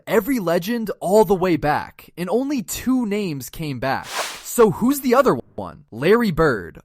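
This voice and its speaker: Lively, punchy sports narrator, dry sound. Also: medium pitch, dry recording. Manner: punchy, emphatic delivery of stats.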